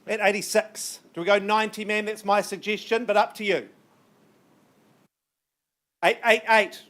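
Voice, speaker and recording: A man working as an auctioneer, calling bids in a brisk, coaxing patter with banter, his voice strained and getting worn. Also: high-pitched, fairly even intonation, fairly bright tone. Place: auction room.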